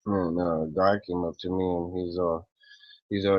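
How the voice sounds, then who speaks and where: A man in a rambling, profane, angry rant to camera who clears his throat often, recorded dull and lo-fi. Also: sits low, little pitch movement, moderate pace, dry recording. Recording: dull lo-fi, dry close sound.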